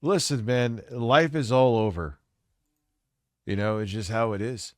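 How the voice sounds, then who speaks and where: A man's voice: mid-range voice, measured pace, dry recording, studio quality. Profane, worn-out man in his forties. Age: 40s. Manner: crude, blunt, swears constantly. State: stressed and worn out. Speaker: livestreamer reacting to a video. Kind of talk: profane late-night stream rant.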